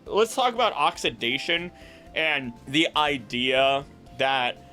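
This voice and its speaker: A man hosting a video, explaining myths in an animated, jokey, tangential way. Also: a little high, slow pace, soft background music. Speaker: voice actor and video host. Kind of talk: casual explanatory commentary.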